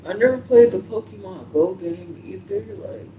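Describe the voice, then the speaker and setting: A young man chatting casually and meanderingly, soft-spoken with frequent fillers and pauses. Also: high-pitched, animated, a little hiss or hum. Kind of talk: casual rambling chat. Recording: echoey room, mic at a distance.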